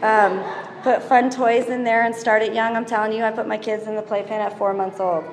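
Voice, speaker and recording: A chatty woman with a somewhat high voice gives parenting advice to a live audience, acting out little scenes as she talks. Her voice rings through a large hall with a long, echoey reverb and a faint hum of room sound behind it. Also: brisk. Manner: chatty, animated, acts out scenes and quotes. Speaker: speaker giving parenting advice. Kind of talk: casual talk to a live audience.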